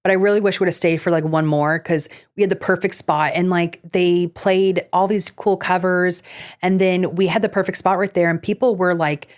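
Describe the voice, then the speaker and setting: With a lowish voice, fairly even intonation, and normal speed, this podcast co-host keeps the casual conversation going. Filler-heavy and easy to laugh, she now and then slides into reading from her ghost-story notes.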